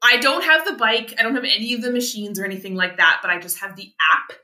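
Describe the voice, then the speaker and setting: A very bright, crisp woman's voice in her thirties, from Canada, telling a story in a lively, casual way as a podcast guest. She acts out little quotes and laughs easily, and the room around her rings with a noticeable echo. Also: a little high, fast. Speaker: guest, sports medicine doctor. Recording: roomy echo.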